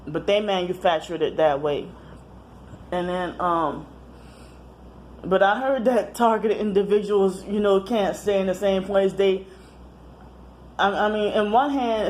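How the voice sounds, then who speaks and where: A woman talking casually to camera in a personal monologue, rambling, halting and often correcting herself mid-sentence. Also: fairly low pitch, a little hiss or hum. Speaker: vlogger.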